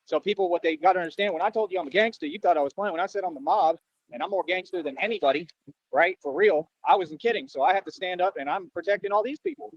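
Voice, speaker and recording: This man talks fast in a high-pitched voice, and the audio is dull with no room sound. He rambles on at length in a street monologue, boastful and earnest, often repeating himself and showing a distinctive way of talking.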